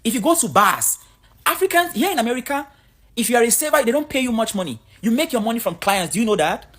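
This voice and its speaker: A woman's voice: fairly high pitch, animated, fast, fairly bright tone. A woman from Cameroon, giving a blunt, outspoken vlog monologue. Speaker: vlogger.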